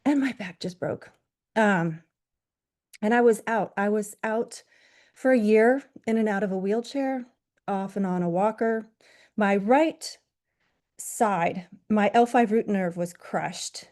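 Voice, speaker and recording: A middle-aged woman speaking at a mid-range pitch for a woman, sharing a personal story at a virtual conference. She is candid and pokes fun at herself. She pauses and uses fillers as she goes. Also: a little mellow. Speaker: yoga teacher.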